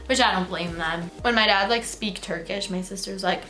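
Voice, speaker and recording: A young woman vlogging a comedy monologue, chatty and animated, acting out her parents' lines in a raised voice. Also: mid-range voice, normal speed, reverberant, soft background music. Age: young adult.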